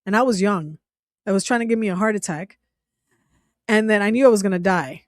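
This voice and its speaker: A woman's voice: medium pitch, fairly quick, pauses often, no room sound, clean studio sound. A woman hosting her own channel, telling a personal story in casual talk. She is emotional, restarts often and laughs now and then as she speaks. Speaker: channel host.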